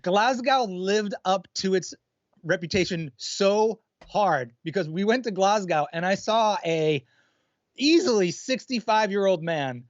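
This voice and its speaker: A high-pitched man co-hosting a live stream, telling stories in a loose, laid-back way with some swearing and laughter. His voice sounds a little dull and lo-fi, and it is dry and close, with no room sound. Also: lively intonation, measured pace, dry recording. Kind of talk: casual storytelling chat.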